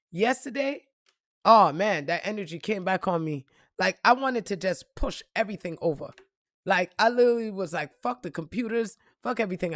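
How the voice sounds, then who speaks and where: A woman vlogger giving a casual motivational talk to her followers, blunt and profane, swinging from loud punchy bursts to soft reflective moments. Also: lowish voice, no echo, clean studio sound. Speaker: spiritual reader and motivational vlogger.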